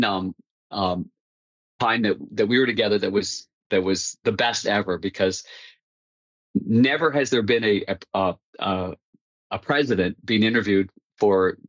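Low-voiced man telling rambling stories. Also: moderate pace, husky, no echo, highs cut off. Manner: rambling, many restarts, laughs at own stories. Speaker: hockey broadcaster, interview guest. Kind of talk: casual storytelling interview.

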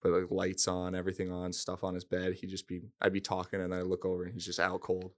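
A man's voice: low voice, completely flat delivery, fast talker. A young man, a hockey player, telling a roommate story in a laid-back, filler-heavy way. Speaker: pro hockey player, guest. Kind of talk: casual chat.

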